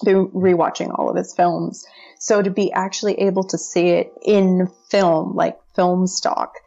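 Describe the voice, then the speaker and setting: A woman's voice: fairly low pitch, little pitch movement, measured pace, gravelly, warm tone, lo-fi sound. A woman guest talking in an enthusiastic, chatty way on a podcast, with plenty of fillers. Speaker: interview guest, brand strategist. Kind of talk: casual podcast conversation.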